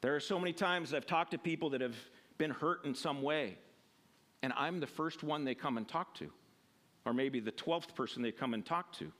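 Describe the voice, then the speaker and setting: A man's voice: on the high side, normal speed. A man preaching a sermon, reading a Bible passage and explaining it in a conversational way, with fillers and self-corrections, sometimes acting out the people in the story. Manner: animated, acts out the people in the story with a raised voice. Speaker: pastor.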